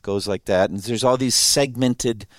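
A man's voice: mid-range voice, a little slow, dry recording, studio quality. A man preaching a sermon in a conversational way, laughing often and asking his listeners questions. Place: room with an audience.

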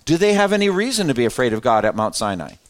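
Guy teaching a bible class, mid-pitch voice, reads the verses out with some punch then stops to chat and ask the group stuff. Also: quick pace. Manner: reads scripture aloud with lively emphasis, then breaks off to explain; conversational, asks the class questions.

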